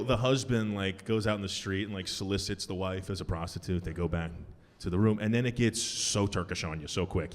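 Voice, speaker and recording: Young male stand-up comic, animated delivery, live club reverb. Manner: animated, jumps into high-pitched punchlines. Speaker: stand-up comedian. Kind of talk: stand-up set. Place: comedy club stage.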